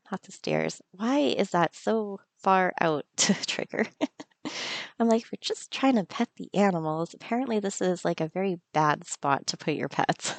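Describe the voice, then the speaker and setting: A woman's voice: fairly low pitch, vocal fry, no room sound. A woman hosting a let's-play of a farming game, chatting playfully and laughing often. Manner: playful, giggly, talks to the game. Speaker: gaming channel host. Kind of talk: casual let's-play commentary.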